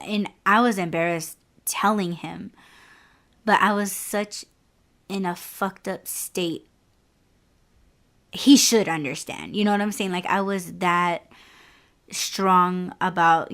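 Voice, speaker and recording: A woman's voice: fairly low pitch, smooth. A young adult woman hosting a podcast, telling a personal story in a frank, candid way, full of "like" and "you know". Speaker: podcast host.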